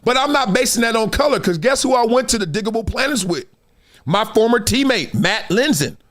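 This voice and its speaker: A man's voice: very high voice, animated, a little fast, fairly bright tone. A middle-aged man hosting a live sports talk stream, telling stories animatedly, laughing and acting out quotes. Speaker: host.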